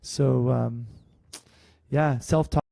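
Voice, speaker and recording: A man co-hosting a podcast and teaching karate, chatting in a rambling, animated way full of "like" and "right?". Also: mid-range voice, extremely slow, creaky, no echo. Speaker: podcast co-host and karate instructor. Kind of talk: casual podcast chat.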